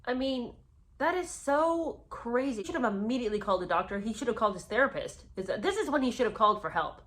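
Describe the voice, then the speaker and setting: A woman's voice: fairly high pitch, expressive, fast, a bit bright. A woman giving sarcastic, incredulous commentary while reading from a memoir. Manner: scornful, incredulous, emphatic.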